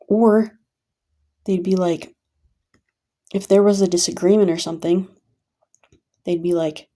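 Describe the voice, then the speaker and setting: A woman's voice: lowish voice, gravelly, warm tone, slightly rough. A woman telling her own story in a venting vlog, talking emphatically and repeating points for stress. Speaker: vlogger.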